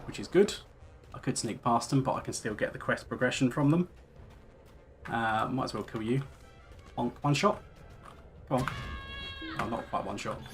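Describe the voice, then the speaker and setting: A man streaming a game, chatting casually with lots of fillers and reading quest text aloud. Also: on the low side. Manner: relaxed, rambling with many fillers. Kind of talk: casual let's-play commentary.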